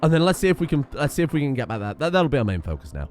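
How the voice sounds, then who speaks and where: A man's voice: on the high side, big pitch swings, racing. A man casually commenting on his strategy game as he plays, chatty, swearing freely and often getting sidetracked. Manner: chatty, profane, easily sidetracked. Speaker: gaming streamer.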